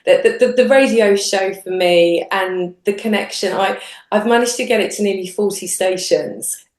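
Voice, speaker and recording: A singer-songwriter woman chatting as an interview guest, animated, acting out quoted thoughts with big jumps in voice and often restarting her sentences. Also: mid-range voice, normal speed. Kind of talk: casual interview chat. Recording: roomy echo.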